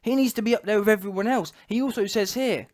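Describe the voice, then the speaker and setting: Emphatic man, high voice. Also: quick pace, darkish tone. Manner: emphatic, repeats rhetorical questions. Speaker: commentary channel host. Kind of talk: talking-head commentary.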